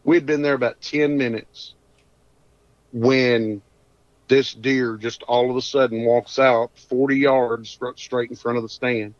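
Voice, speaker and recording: A man's voice: medium pitch, steady tone, moderate pace, no echo. Folksy man telling a story. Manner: folksy drawl, rambling with restarts. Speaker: guest. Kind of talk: casual storytelling. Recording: dull dry lo-fi audio.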